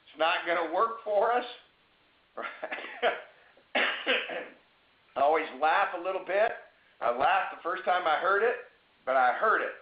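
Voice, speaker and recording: A man giving a motivational webinar talk, conversational and emphatic, slowing down to stress key phrases. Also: sits high. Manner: conversational, with asides and checks like "right?". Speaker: webinar speaker. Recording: roomy, dull lo-fi webinar audio.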